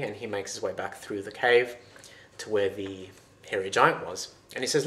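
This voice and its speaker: A man retelling a folktale in a loose, lively, conversational way. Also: fairly low pitch, normal speed. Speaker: storyteller. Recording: roomy echo.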